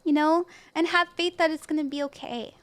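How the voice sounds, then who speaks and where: A young woman reading tarot on a live stream, gentle and reassuring, laughing easily. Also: sits high, steady tone, brisk. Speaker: tarot reader.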